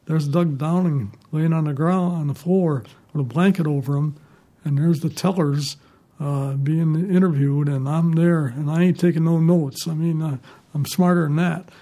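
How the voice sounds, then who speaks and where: Older male ex-reporter, mellow and fairly high, chuckling raconteur. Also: steady tone, moderate pace. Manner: rambling, chuckling anecdotes. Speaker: retired newspaper reporter. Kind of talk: storytelling in an interview.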